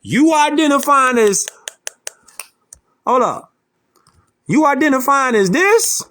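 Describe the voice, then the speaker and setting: A man's voice: very high voice, animated, takes it slowly, a bit bright. A man giving mocking, slangy reaction commentary as an online commentator, taunting and repeating himself.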